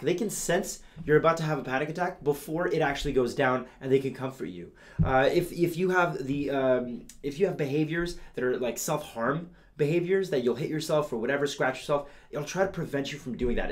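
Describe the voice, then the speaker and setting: A man's voice: fairly high pitch, a little mellow. A man hosting a comedic news show, playful and gushing as he talks straight to his audience.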